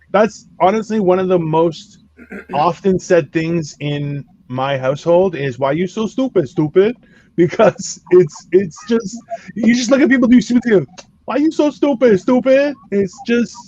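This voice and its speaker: A man's voice: a little high, dull audio. A man, a comedian, riffing profanely in casual chat and ranting with acted-out voices. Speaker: comedian podcast co-host.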